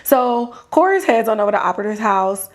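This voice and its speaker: A woman podcast host giving a casual TV episode recap in an animated way, with slang and frequent laughter. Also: on the high side, fairly quick.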